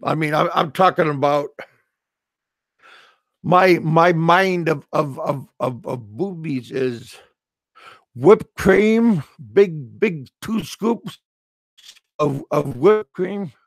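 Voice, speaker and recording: A man's voice: on the high side, slow pace, vocal fry, pauses often, no room sound. A middle-aged American man vlogging, rambling through a humorous monologue, stammering and repeating his words with frequent chuckles. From United States. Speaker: expat vlogger.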